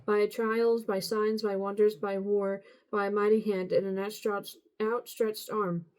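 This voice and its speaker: Mellow-voiced woman reading scripture aloud. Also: mid-range voice, unhurried, rough recording. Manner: steady reading with occasional slips and self-corrections. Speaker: Bible reader. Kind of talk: unscripted Bible reading aloud.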